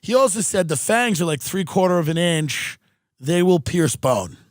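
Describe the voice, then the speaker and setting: A man's voice: high-pitched, animated, normal speed, dry recording, clean studio sound. A man with a rambling, wry delivery, hosting a podcast and telling a comic story. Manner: rambling, wry, acts out quoted voices. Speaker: podcast host. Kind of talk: comedic storytelling.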